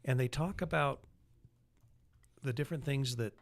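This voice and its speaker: A man's voice: mid-range voice, moderate pace. Matter-of-fact male podcast co-host. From Utah, United States. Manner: matter-of-fact, explaining in long runs. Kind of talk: casual political chat.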